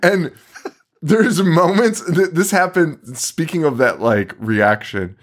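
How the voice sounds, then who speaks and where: A man's voice: on the high side, slow. A man co-hosting a casual movie podcast, swearing often, laughing and acting out lines from scenes. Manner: profane, laughing, acts out quotes. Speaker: podcast co-host. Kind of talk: casual chat reviewing a movie.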